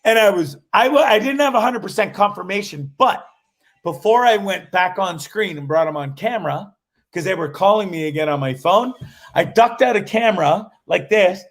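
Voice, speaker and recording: A man with a high voice chats on his livestream from a cottage while he is traveling. He rambles and swears as he tells stories, and he often breaks off and restarts his sentences. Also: expressive, moderate pace. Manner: profane, rambling storyteller with many restarts. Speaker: livestream host.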